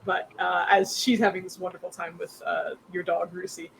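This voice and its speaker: A woman's voice: on the low side, flat delivery, normal speed, gravelly, slight background noise, rough recording. A young woman narrating as game master in a rambling, filler-heavy, giggly way.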